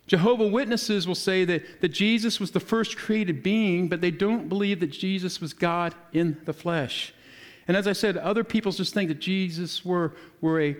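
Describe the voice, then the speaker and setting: A man with a high-pitched voice preaching an informal, teaching-style sermon. He explains scripture in an easygoing, conversational way, often restarting his phrases.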